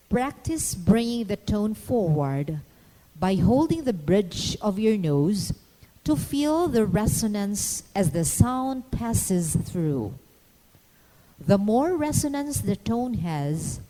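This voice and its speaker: A woman narrating a scripted phonetics lesson in a measured, instructional way, pausing to demonstrate each sound. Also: medium pitch, warm tone, in a large hall, poor audio. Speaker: phonetics teacher.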